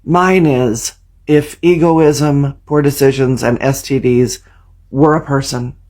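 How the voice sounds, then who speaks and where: A man's voice: medium pitch, steady tone, takes it slowly, darkish tone. A man joking crudely and speaking straight to his viewers in a reaction vlog. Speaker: comedic vlogger.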